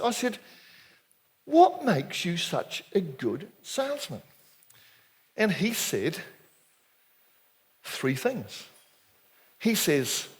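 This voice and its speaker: A man's voice: high-pitched, breathy edge. An older man with a New Zealand accent gives a chatty, jokey storytelling sermon to a men's gathering as an Anglican minister. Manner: lively, jokey, chatty, asks the crowd questions.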